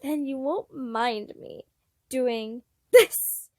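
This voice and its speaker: A woman's voice: high voice, drawn-out words, no echo, clean studio sound. A woman voicing a dramatic, doting young prince with a theatrical, affectionate manner. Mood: teasing.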